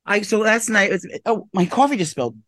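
A man's voice: high-pitched, expressive, brisk, a bit bright, dry recording. A man co-hosting a casual chat podcast, rambling with lots of fillers and sounding just woken up. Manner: rambling, full of "like" and "um", sleepy and yawning. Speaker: podcast co-host.

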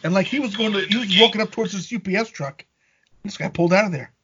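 A man's voice: high voice, quick pace, dull audio, heavy background noise. A man co-hosting a casual chat over a video call, boastful, teasing and profane.

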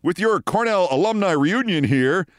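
A man voicing a courtly, suited producer who smooths over arguments with folksy, old-fashioned address. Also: high voice, lively intonation, normal speed, no echo, clean studio sound, voice pushed up. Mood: genial. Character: genteel older male producer, suited, smoothly placating.

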